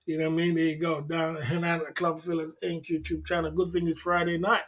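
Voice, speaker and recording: Hyped tipsy man, high voice. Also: level tone, fast, fairly bright tone. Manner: hyped, repeats catchphrases, laughs often. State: tipsy from drinking. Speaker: livestream host. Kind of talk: late-night livestream chat.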